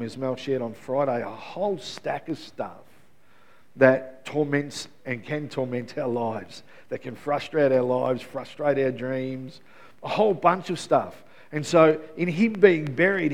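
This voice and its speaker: A man's voice: mid-range voice, darkish tone. A middle-aged man preaching an Easter sermon in a conversational way, asking the congregation questions. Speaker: pastor.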